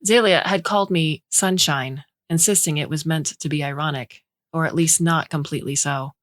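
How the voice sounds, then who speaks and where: A woman reading a short story aloud in a measured, intimate way. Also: sits low, no echo, studio quality. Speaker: story reader. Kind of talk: scripted narration.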